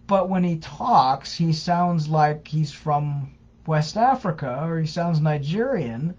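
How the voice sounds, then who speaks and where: A man talks through a casual live question-and-answer session in a fairly high voice, earnest and explanatory, often doubling back on his words. The sound is dull and lo-fi, like a muffled stream. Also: lively intonation, slow pace, darkish tone. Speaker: co-host of a scam-awareness page.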